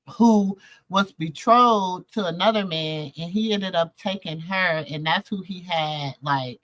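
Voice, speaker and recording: A middle-aged woman telling stories in a casual chat to her viewers, animated and calling out to them. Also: on the low side, dry recording, rough recording. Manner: animated storytelling, calls out to viewers. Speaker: host.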